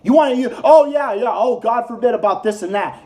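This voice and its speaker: A man's voice: extremely high pitch, animated, a little fast, few pauses. Heated American male vlogger, profane political rant, repetitive. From United States. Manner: heated, profane, repeats insults over and over. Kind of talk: angry ranting monologue.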